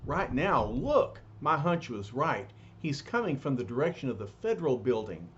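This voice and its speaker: A man voicing a gruff, impatient male giant hero in a comic-book story reading. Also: medium pitch, sing-song, moderate pace, fairly bright tone, lo-fi sound, a little hiss or hum. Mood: brusque. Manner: brusque, commanding.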